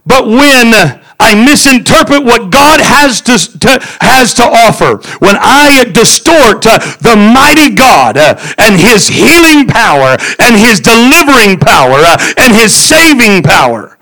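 A man preaching a fervent sermon, repeating himself and swinging from shouts to near-quiet asides. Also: very high voice, sing-song, unhurried, hardly any pauses, rough recording.

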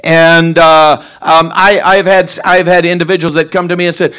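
Middle-aged preacher guy, kinda high voice, folksy rambling sermon stories. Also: animated, normal speed, hardly any pauses, a bit bright. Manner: folksy storytelling, repeats phrases; informal grammar. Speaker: pastor.

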